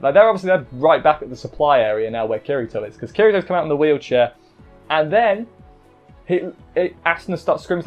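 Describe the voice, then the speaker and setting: A man's voice: a little high, highs cut off. A man talking through an anime episode review in a rambling, chatty way, often stopping to correct himself. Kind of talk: casual spoken review.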